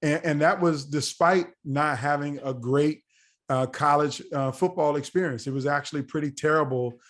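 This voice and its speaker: Animated storytelling man, slightly high voice. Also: moderate pace. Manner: animated, acts out quoted voices. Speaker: podcast guest. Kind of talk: storytelling in a casual interview.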